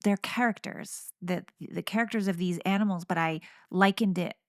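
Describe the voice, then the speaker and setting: A woman co-hosting a podcast, talking in a relaxed, reflective way with frequent affirmations. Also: on the low side, moderate pace, dry recording, studio quality. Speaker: podcast co-host. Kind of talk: casual conversation.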